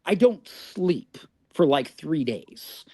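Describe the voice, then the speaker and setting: A man's voice: fairly high pitch, animated, slow, warm tone, slightly rough, no echo. A man in his forties from Indiana, a podcast guest telling stories casually and chuckling at his own tales. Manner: chatty, laughs through his own stories. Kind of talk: casual storytelling.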